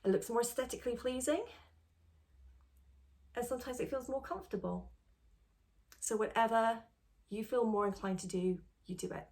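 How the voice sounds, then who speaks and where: A woman guides beginners through a tapping routine, calm and reassuring. She explains each step gently and clearly, like a patient coach talking to one person. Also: a little high, moderate pace, long pauses. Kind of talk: instructional tutorial.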